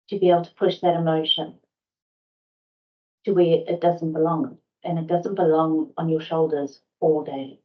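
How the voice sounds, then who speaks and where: A middle-aged woman trainer speaks candidly to a sales audience in a mid-range voice. She keeps asking rhetorical questions. The recording sounds dull and lo-fi. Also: mid-range voice. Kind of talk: training session talk.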